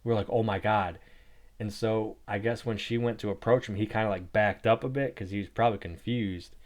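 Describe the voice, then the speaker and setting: A young man hosts his own podcast and tells a story in a relaxed, meandering way. His voice sits a little low, and he fills every pause with "like" and "you know". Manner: rambling, heavy use of "like". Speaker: podcast host. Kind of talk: casual storytelling.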